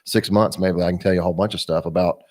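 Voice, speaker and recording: A man's voice: sits low, steady tone, fast talker, darkish tone. A man on a casual fishing show, speaking in a plainspoken, matter-of-fact way. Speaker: guest angler. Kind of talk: casual chat.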